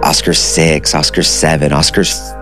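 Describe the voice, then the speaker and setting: Deep-voiced man telling a story. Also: flat delivery, a little slow, music in the background. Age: 30s. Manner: conversational and earnest, says "dude" and "like" often. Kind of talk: casual personal storytelling.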